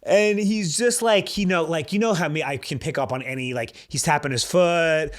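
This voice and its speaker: A man co-hosting a podcast, telling a story in casual chat, animated and laughing often. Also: on the high side, moderate pace. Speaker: podcast co-host.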